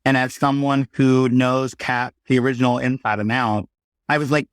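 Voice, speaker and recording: A man's voice: medium pitch, normal speed, clear, resonant tone, no room sound. A man in his thirties talks as a guest on a podcast, recorded close and dry with no room sound. His voice sits in the middle range, and he tells stories with energy and acts out the voices of the people he quotes. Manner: animated storyteller, acts out quotes. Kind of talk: casual conversation.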